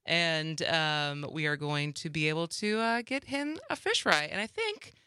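A chatty young woman hosting a casual talk show, her voice bright and forward. She sits a little low in pitch for a woman, and the sound is dry and close, with no room in it. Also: expressive, unhurried, clear, resonant tone, dry recording. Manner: chatty, laughs easily. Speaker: radio show host. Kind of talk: casual chat and interview.

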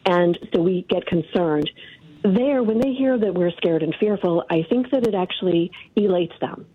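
A woman calling in to a radio show, giving her opinions in a deliberate, measured way. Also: lowish voice, husky, dry recording. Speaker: caller. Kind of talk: radio call-in. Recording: muffled phone line.

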